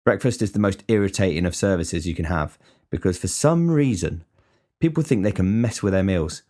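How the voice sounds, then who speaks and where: A man's voice: lowish voice, sing-song, a little fast, a little mellow. A man who works as a cook, talking in a casual, ranting monologue full of swearing.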